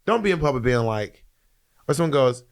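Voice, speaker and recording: A man co-hosting a casual podcast chat, rambling and halting with lots of fillers. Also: medium pitch, animated. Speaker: podcast co-host.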